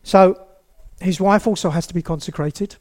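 A male preacher with a notably high voice delivers a lively sermon in a church. He speaks straight to the congregation and acts out small scenes as he goes. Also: moderate pace. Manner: animated, acts out quotes, addresses the congregation directly.

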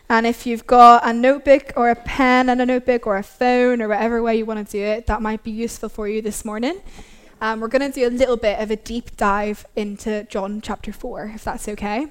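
A woman pastor with a Derry Irish accent, preaching to a congregation in a quick, upbeat way, often asking them questions. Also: fairly high pitch, smooth. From Northern Ireland. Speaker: assistant pastor. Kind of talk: sermon and Bible study. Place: church.

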